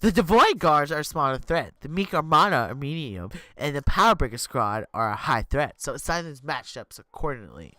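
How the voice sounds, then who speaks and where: A man streaming live, reading an interactive story aloud in an animated way and tripping over words. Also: on the high side, normal speed, hardly any pauses, no echo.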